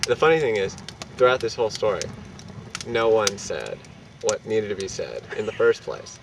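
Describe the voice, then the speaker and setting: A man telling a casual anecdote in an animated, profane way, acting out what people said. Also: lowish voice, moderate pace. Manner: animated, profane, acts out quotes. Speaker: storyteller. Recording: distant mic, loud street and traffic noise.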